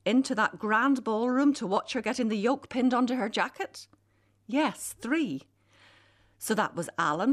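A middle-aged woman reading her own personal essay aloud, in a wry, animated storytelling manner. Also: medium pitch.

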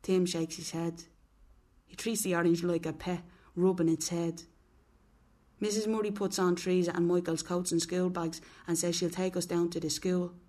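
A woman narrating in first person as a quiet, wistful young boy in foster care. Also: on the low side, level tone, normal speed, natural voice.

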